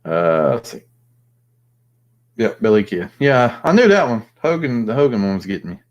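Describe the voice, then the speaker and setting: A man's voice: fairly low pitch, sing-song, moderate pace, muffled recording. A man hosting a casual live chat, rambling and thinking aloud with plenty of fillers. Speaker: host.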